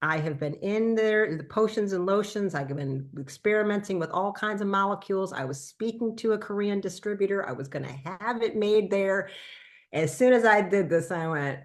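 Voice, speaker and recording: A woman doctor telling a casual testimonial, animated and acting out her own past remarks. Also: mid-range voice, normal speed. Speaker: doctor and consultant.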